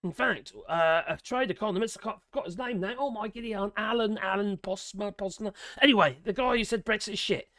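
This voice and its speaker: A British man with a raspy voice giving casual, sarcastic commentary, exasperated and swearing freely. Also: high voice, brisk, hardly any pauses, bright, forceful tone, no echo, studio quality. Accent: British English. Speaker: political commentator.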